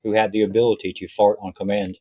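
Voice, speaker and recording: A man co-hosting a podcast in casual comedic chat, playful and quick to joke and laugh. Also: on the low side, little pitch movement, warm tone. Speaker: podcast co-host. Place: podcast recording.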